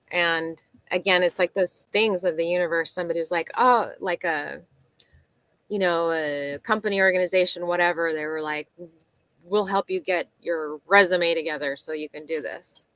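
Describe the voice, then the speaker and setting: A woman's voice: on the low side, no room sound. Woman, casual chat guest, acts out quotes, dry recording. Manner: animated, acts out quoted dialogue.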